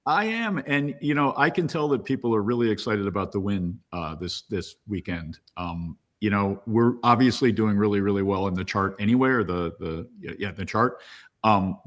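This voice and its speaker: A man's voice: on the low side, lively intonation, brisk. A man in a casual fan talk, speaking hopefully and hesitantly with many restarts. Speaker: co-host.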